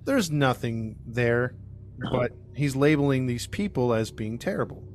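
A man's voice: medium pitch, lively intonation, measured pace, slight background noise. A man hosting a podcast, casually retelling a true crime case with lots of fillers and restarts, acting out the quotes as he goes. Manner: rambling, with many fillers and restarts; acts out quotes in his retelling. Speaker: podcast host narrating the case.

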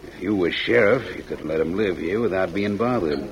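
An actor playing a scheming outlaw who talks in a smooth, coaxing way in an old radio drama. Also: male voice, deep voice, moderate pace. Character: scheming scarred male outlaw, sly and persuasive. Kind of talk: 1940s radio acting. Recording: dull old radio recording.

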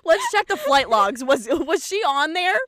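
A young woman co-hosts a podcast in a casual recap, sarcastic and often echoing her partner's lines. Her voice sits a little high. The sound is dry and close. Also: big pitch swings, moderate pace, a bit bright. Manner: sarcastic, echoes her co-host. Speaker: podcast co-host. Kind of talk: casual chat recapping a TV episode.

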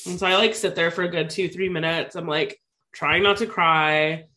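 A woman in her thirties, fairly low-pitched and speaking at normal speed, tells her co-host a personal story. The delivery is casual, animated and chatty, crowded with "like" fillers.

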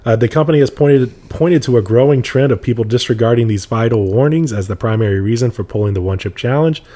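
A man's voice: mid-range voice, fast, warm tone. A young man co-hosting a podcast, chatting casually and rambling with lots of fillers. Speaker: podcast co-host. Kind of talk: casual chat.

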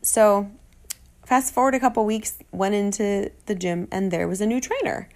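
A woman, a fitness trainer, telling a personal story in an animated way and acting out the dialogue she quotes. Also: moderate pace. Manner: animated, acts out quoted dialogue with sarcastic jumps in pitch.

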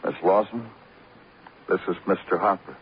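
Classic radio mystery. A man plays a steady detective with a lowish voice who speaks in clipped, methodical sentences. It comes through a dull old broadcast with faint hiss. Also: normal speed, close to an everyday voice. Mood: firm. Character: shrewd male detective laying out a case. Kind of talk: 1940s radio acting.

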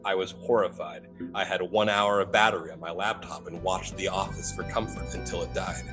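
Over music, a deep-voiced young man briskly and casually recounts a ghost story as a paranormal investigator. Animated throughout, he acts out the dialogue and laughs.

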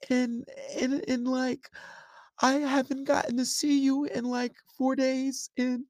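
Brief: man doing a weepy young girlfriend, pitched way up, dragging and whiny, gravelly underneath. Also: level tone, a little mellow, dry recording, heavily acted. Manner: high, drawn-out, whiny mimicry.

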